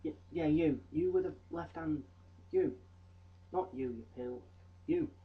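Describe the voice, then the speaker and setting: A man's voice: fairly high pitch, measured pace, phone-quality sound. A young man presenting trivia in a rambling, jokey vlog with mock-voice asides. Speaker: vlogger. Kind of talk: comedic fact vlog.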